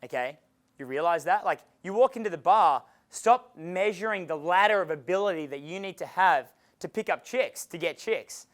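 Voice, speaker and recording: Australian male coach, high voice, animated, profane seminar delivery, acts out dialogue. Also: moderate pace. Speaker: dating coach giving a seminar. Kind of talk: live seminar talk. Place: seminar room with an audience.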